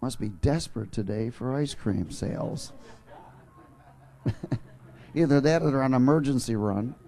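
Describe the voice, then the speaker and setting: A man preaching a sermon in church, joking with the congregation and then building to fervent, shouted passion. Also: mid-range voice, a little slow. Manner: jokey, rising to fervent shouting. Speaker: pastor.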